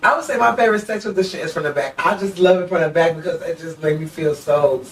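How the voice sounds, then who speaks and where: Flamboyant, playful man, a bit high. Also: quick pace, fairly bright tone. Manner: flamboyant, playful, laughs often, addresses listeners as y'all. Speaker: guest musician and reality TV personality. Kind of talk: casual interview chat. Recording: distant mic with faint background noise.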